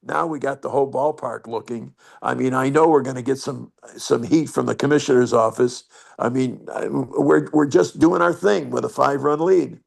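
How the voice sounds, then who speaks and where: A man's voice: medium pitch, steady tone, moderate pace, vocal fry. An older man telling rambling, salty stories as a guest on a video call. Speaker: guest storyteller. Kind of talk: anecdote over video call.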